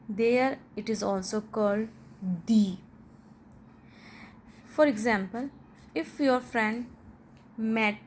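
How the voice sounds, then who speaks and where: A young woman teaching English pronunciation, slowly and deliberately explaining a rule and repeating the example words. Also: fairly high pitch, darkish tone, a little hiss or hum.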